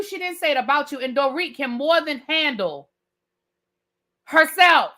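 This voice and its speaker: A woman's voice: sits high, lively intonation, measured pace, pauses often, sharp tone. A woman reviewing a TV show in a live rant, heated and profane, with repetitive slangy outbursts aimed at her viewers. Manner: slangy, addresses viewers as y'all and baby.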